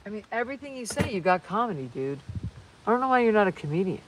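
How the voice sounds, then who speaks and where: A woman's voice: on the low side, lively intonation, fast talker. A woman hosting a casual live stream outdoors, rambling and chatting while she reads viewer comments aloud. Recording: distant mic with faint background noise.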